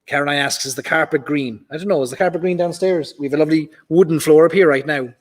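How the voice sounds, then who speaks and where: A man's voice: on the high side, fast talker. A man with an Irish accent hosting a live whiskey stream, chatting casually and reading out viewer comments from a club hall. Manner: chatty, reads out viewer comments, many fillers. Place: large club function hall. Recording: reverberant hall.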